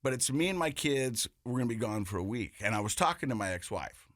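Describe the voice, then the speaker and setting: A man's voice: mid-range voice, expressive, quick pace, a bit bright, no echo. A man hosting a podcast, talking candidly and reflectively in casual chat, often restarting his sentences. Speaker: podcast host.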